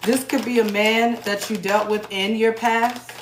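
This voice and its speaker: A woman's voice: a little high, steady tone, unhurried. A woman in her thirties or forties from New York, giving a casual tarot reading in a rambling, conversational way that repeats phrases. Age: 30s to 40s. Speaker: tarot reader. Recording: echoey room with background noise.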